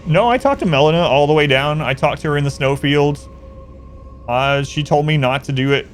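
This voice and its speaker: A man's voice: on the high side, fairly quick, soft background music. A man chatting casually on a game stream, rambling through a story and answering chat.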